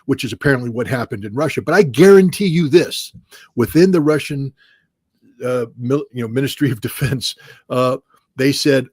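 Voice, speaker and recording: Male commentator, husky tone, dead-dry sound, emphatic and argumentative. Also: medium pitch, normal speed, darkish tone, dry recording. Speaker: guest analyst. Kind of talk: interview commentary.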